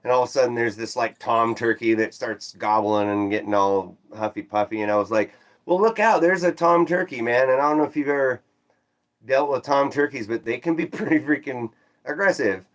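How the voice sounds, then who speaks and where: A man livestreaming, casually recounting a strange dream and reading chat, with animated swoops up when quoting himself and self-deprecating asides. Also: medium pitch, brisk. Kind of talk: casual rambling storytelling, reading chat aloud.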